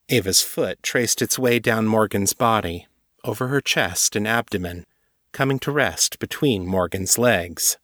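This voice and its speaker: A man narrating a story in a steady, measured audiobook-style reading. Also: fairly low pitch, no echo, clean studio sound. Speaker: narrator and author.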